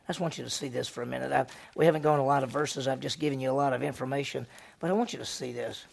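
A man, a senior pastor, teaching a Bible lesson in an animated storytelling way and quizzing his class with questions. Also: medium pitch, racing, creaky.

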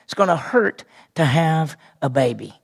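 Gravelly, husky preacher man. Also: on the high side, lively intonation, unhurried. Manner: asks the audience questions and answers them, repeats key phrases. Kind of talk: sermon teaching.

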